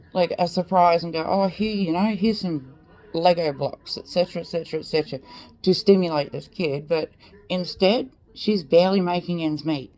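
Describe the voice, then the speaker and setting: Her voice sits low and a little mellow as the Australian vlogger addresses the camera directly, ranting with blunt heat. Swear words flow freely, along with plenty of "like" and "mate."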